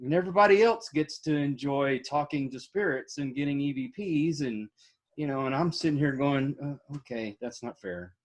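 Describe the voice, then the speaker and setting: A man's voice: mid-range voice, fairly quick. A man hosting a casual podcast interview, easygoing and joking. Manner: easygoing, joking, laughs often. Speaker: podcast host.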